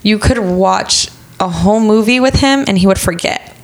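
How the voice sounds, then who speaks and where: A woman telling a personal story in relaxed conversation, with a slight gravel in her voice. She is chatty and full of fillers, and acts out what people said. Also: mid-range voice, moderate pace. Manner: chatty, many fillers, acts out quoted speech.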